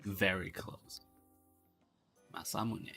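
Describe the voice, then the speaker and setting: Creaky-voiced sleep-deprived male streamer. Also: deep voice, takes it slowly, pushed and bright, soft background music. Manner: rambling, mock-professorial, laughs often. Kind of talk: casual live-stream game commentary.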